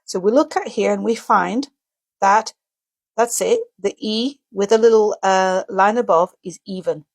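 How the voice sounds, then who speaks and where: A woman with a mid-range voice speaks a little slowly as she teaches a casual video lesson on a dictionary's pronunciation key. The English teacher walks through it step by step, sounding out examples and fixing small slips as she goes.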